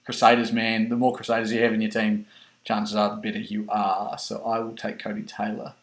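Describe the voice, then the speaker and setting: A man's voice: on the low side, completely flat delivery, fairly quick. Hesitant man talking through his picks. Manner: hesitant, lots of ums and repeated words. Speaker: host. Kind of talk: casual fantasy draft chat.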